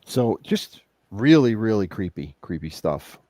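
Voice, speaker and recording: A man's voice: on the low side, sing-song, a little slow, warm tone, no room sound, studio quality. A man hosting a livestream, talking casually and rambling with restarts. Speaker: livestream host. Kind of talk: casual chat.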